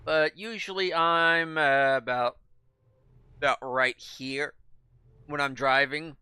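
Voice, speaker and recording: A man's voice: a little high, fairly even intonation, takes it slowly, long pauses, sharp tone, clear, resonant tone, no room sound. A man giving casual gameplay commentary, thinking aloud and rambling with lots of fillers and restarts. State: speaking with his mouth full. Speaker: gaming video creator.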